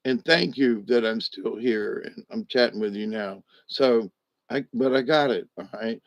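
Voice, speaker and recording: An older man chatting casually to his viewers, drowsy and a little medicated after a hospital stay, meandering and halting with many restarts. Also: lowish voice, no echo. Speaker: vlogger talking to live chat. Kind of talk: rambling casual chat to viewers. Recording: dry, dull lo-fi home recording.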